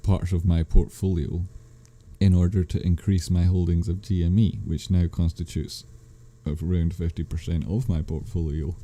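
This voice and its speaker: Man, deep voice, very dark tone, rambling live-stream chat. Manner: rambling, self-correcting, reads chat questions aloud. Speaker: livestream host answering chat.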